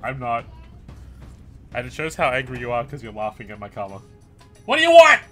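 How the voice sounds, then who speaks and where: Male streamer, lively up-and-down voice, crude, gloating play-by-play. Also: mid-range voice, a little fast, soft background music. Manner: excitable, crude gloating trash talk, bursts of shouting. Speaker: gaming streamer. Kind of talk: live gameplay commentary.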